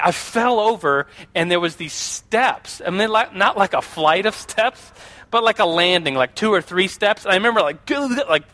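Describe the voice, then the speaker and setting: A man casually telling childhood stories to an audience, chatty with lots of fillers, often asking the crowd questions and acting out voices. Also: sits high. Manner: animated, acts out quoted voices. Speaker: speaker addressing a group.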